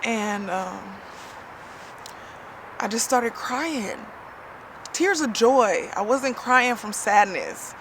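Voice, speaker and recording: A woman's voice: a little high, animated, very slow, long pauses, background noise. A woman vlogging a casual personal story and spiritual testimony, chatty and heartfelt, full of "you know" fillers.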